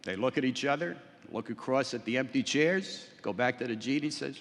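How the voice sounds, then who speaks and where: A man's voice: mid-range voice, fairly quick, gravelly, a bit bright. A middle-aged man giving a prepared convention speech from a podium, telling a story with dry humor and many small hesitations. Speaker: convention speaker, port employers' association representative. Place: large convention hall. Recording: long reverb of a big hall.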